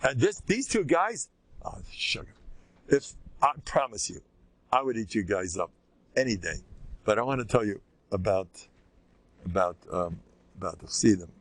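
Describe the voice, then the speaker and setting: An older man, a rabbi, giving an informal, animated Torah lecture with a conversational, joking delivery. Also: normal speed, long pauses. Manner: animated and conversational, swinging pitch, jokes with listeners. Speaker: rabbi teaching a class.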